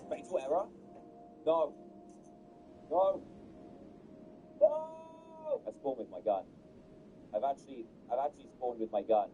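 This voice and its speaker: A man giving Let's Play commentary as a gaming streamer, excitable and exasperated at the game's glitches. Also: fairly high pitch, noisy background.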